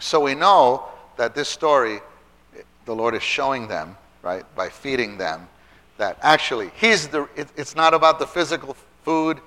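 A man giving an animated Bible teaching talk to church children's workers, stressing and repeating key phrases. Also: mid-range voice.

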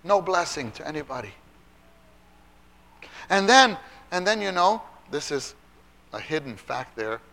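A man giving an animated Bible teaching talk to church children's workers, stressing and repeating key phrases. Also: a little high, a little slow, vocal fry, long pauses.

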